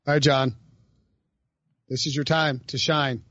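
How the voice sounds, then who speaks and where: A man's voice: medium pitch, flat delivery, unhurried, fairly bright tone, dry recording, highs cut off. A man hosting a podcast in casual chat, rambling and laughing with many restarts. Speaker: podcast host.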